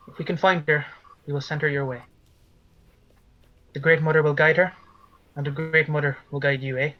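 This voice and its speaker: A man voicing a gentle, fatherly male devotee who keeps tagging his sentences with "eh?". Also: a little high, steady tone, a little fast, muffled recording, lightly acted. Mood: soothing. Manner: soft-spoken, ends phrases with "eh?".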